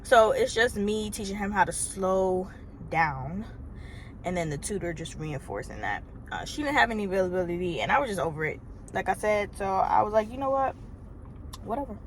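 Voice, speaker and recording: A woman in her thirties, originally from Trinidad, telling a casual storytime vlog from her car in an animated, chatty way with exasperated asides. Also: mid-range voice, moderate pace, slight background noise. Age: 30s. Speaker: vlogger. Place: parked car.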